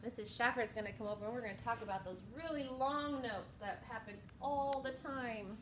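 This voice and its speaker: A woman music teacher gently singing a children's song slowly. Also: fairly high pitch, a little hiss or hum. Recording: echoey room, distant mic.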